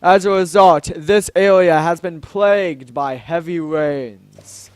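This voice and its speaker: A man voicing a regal old male fish king who talks slowly in a formal, old-fashioned way. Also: on the high side, clean tone, no echo. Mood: solemn pleading. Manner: slow, stately, old-fashioned speech.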